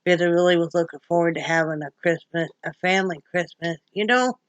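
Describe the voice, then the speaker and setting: An older woman from Wyoming, vlogging in casual, rambling chat to her viewers, emotional and quick to laugh. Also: fairly low pitch, fairly even intonation, dry recording. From Wyoming, USA.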